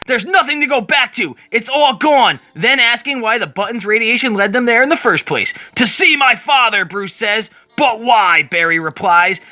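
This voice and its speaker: A man's voice: high-pitched, bright, forceful tone. A man retelling a comic book story as a dramatic reading, quoting the characters along the way.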